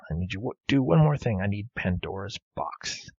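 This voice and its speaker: A man's voice: on the low side, expressive, normal speed, darkish tone, slightly rough, no room sound, dull audio. A man voicing a scheming, demanding evil fairy woman in a mock-polite, sweet tone, in a game commentary.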